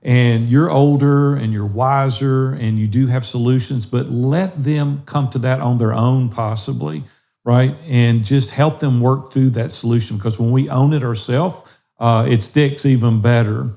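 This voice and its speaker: A man's voice: medium pitch, fairly even intonation, measured pace, creaky, mellow. A middle-aged man co-hosting a faith-based podcast, earnestly encouraging listeners. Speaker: podcast co-host.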